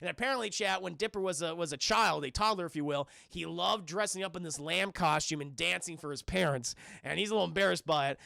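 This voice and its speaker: A man's voice: sits high, fast talker, creaky, hardly any pauses, pushed and bright, no room sound, clean studio sound. A young man streaming, casually and profanely retelling a cartoon episode to his chat.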